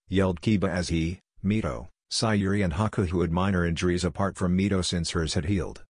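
A man reading a fan fiction story as scripted narration, in a steady, even way. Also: deep voice, moderate pace, hardly any pauses, no room sound, clean studio sound.

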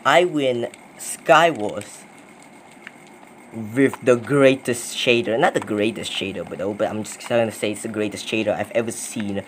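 A man giving live gameplay commentary, excitable and nervous, repeating his exclamations over and over. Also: lowish voice, a little slow, a little hiss or hum. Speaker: gaming video creator.

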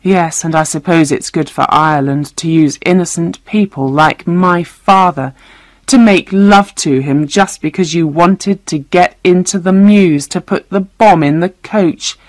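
A woman's voice: fairly low pitch, a little slow, dry recording, natural voice. A woman reading a storybook voices a frightened, angry young woman who accuses her captors through tears. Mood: accusing. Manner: accusing, tearful.

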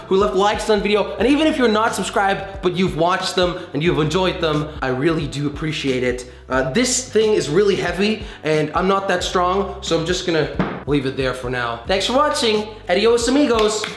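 A young man vlogs with giddy, jokey excitement, his voice sitting high and swinging widely. He talks in an echoey room, and soft music plays under him. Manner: hyper, jokey, giggly. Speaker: YouTuber. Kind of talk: excited vlog unboxing.

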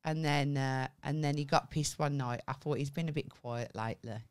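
A woman's voice: rumbling low, moderate pace, clear, resonant tone. A woman co-hosting a comedy podcast, telling a story animatedly, acting out quoted lines and swearing freely. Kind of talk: casual storytelling chat.

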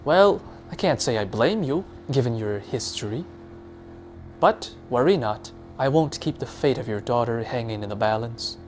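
A man voicing a calm but threatening male ruler who coaxes and commands. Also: medium pitch, normal speed, soft background music, natural voice. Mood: menacing. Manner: smooth, coaxing, then bellowing.

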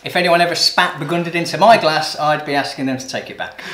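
A man's voice: fairly high pitch, moderate pace, a bit bright, a little hiss or hum. A man hosting a wine channel, presenting a pronunciation quiz in an upbeat, jokey way. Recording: roomy sound with light music.

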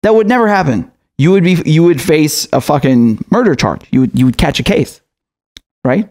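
A man's voice: fairly high pitch, lively intonation, moderate pace, darkish tone. A man giving an angry commentary monologue, heated and profane, often stammering and restarting his sentences. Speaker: political commentator.

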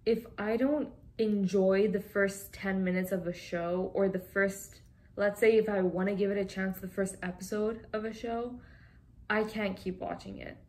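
A woman's voice: mid-range voice, steady tone, measured pace, a little mellow. A young woman from Canada chatting casually and giggling as she reads fan tweets aloud. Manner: chatty and giggly, often laughing. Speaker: vlogger.

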